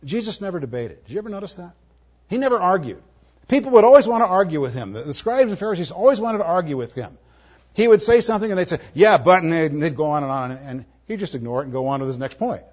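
A man preaching a sermon, moving between emphatic, forceful lines and soft, tender ones. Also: fairly high pitch, sing-song, very fast, few pauses, breathy edge. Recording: muffled, lo-fi audio.

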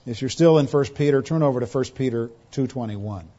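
A man preaching an expository sermon as pastor, rising to loud, pointed quotations and dropping to hushed, quiet lows. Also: a little fast. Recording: dull lo-fi sermon recording.

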